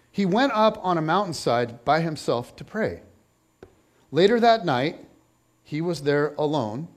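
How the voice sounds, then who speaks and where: A man with a high, light voice delivering a sermon. He tells the story with playful humor and voices the people in it as he goes. His pitch climbs and falls often as he talks. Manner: animated, jokey storytelling with voiced asides. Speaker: pastor.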